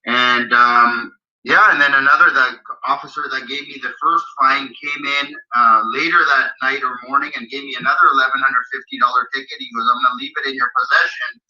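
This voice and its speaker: A man telling his own story in casual chat, animated and blunt, swearing freely. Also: medium pitch, brisk. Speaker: guest recounting a personal story. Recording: dull lo-fi audio.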